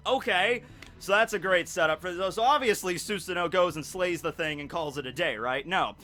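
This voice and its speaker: A man hosting an anime theory video, retelling a myth in a chatty, animated storytelling style. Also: on the high side, faint music behind. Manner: chatty and animated, slips into quick character voices. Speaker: YouTube anime theory host. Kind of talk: casual storytelling commentary.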